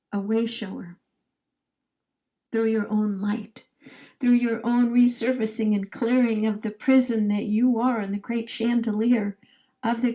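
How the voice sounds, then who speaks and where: Woman, guided meditation, slightly high voice, very slow, soft phrase ends that trail into whispers, call-and-response affirmations. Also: rough recording.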